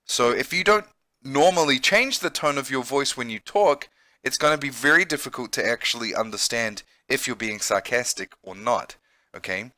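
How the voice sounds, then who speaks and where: A man's voice: mid-range voice, pushed and bright, no echo. A man who works as an English teacher, giving a vocabulary lesson and explaining patiently, often checking in with "okay?".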